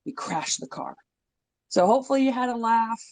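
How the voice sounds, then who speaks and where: A woman in a casual call-in chat, telling a joke with lively storytelling. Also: a little high, normal speed, no room sound. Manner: animated storytelling joker.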